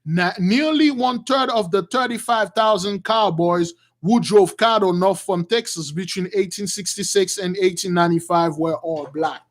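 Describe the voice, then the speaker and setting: A man preaching to his followers in an emphatic, repetitive way, swinging between shouts and quiet asides. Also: high-pitched, moderate pace, hardly any pauses. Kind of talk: street-style sermon.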